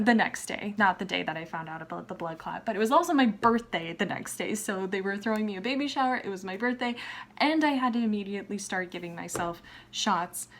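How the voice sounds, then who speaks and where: A young woman vlogger telling a personal story in a chatty, animated way, acting out what others said. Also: mid-range voice. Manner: chatty and animated, acting out quoted people, frequent "like". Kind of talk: casual storytelling vlog.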